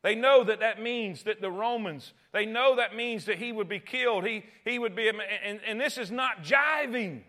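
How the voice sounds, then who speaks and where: A man preaching a sermon, emphatic and repetitive, swinging between loud cries and hushed tones. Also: high voice, moderate pace, few pauses. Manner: repeats phrases and restarts often.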